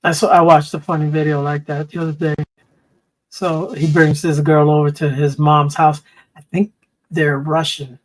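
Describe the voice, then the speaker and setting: A man in a casual panel chat, rambling through stories with quick asides. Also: fairly high pitch, level tone, poor audio. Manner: rambling storyteller, retelling funny videos with quick asides. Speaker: panel guest.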